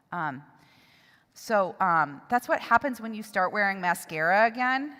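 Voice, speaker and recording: A middle-aged woman giving a personal testimony at a seminar, speaking in an emotional, halting way with pauses and restarts. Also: mid-range voice, lively intonation, pushed and bright. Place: church hall. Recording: long hall reverb.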